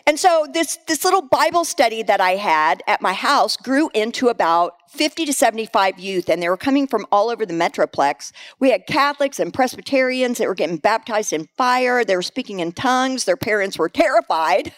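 A middle-aged woman preaching a sermon, animated and candid, mixing scripture with personal stories and laughing at herself. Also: fairly high pitch, moderate pace.

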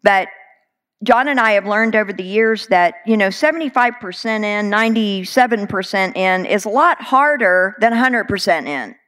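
A woman's voice: mid-range voice, moderate pace, fairly bright tone. Woman preaching, middle-aged, earnest and chatty, lots of "you know"s. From Texas. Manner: earnest and conversational, with many "you know" fillers. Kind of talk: sermon.

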